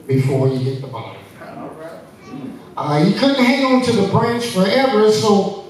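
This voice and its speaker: A male pastor preaching slowly, his voice high for a man and swinging widely in pitch. He leads the congregation in call-and-response. The sound is strongly echoey and picked up from well back from the mic in a church sanctuary. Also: a little mellow, far from the mic. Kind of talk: sermon.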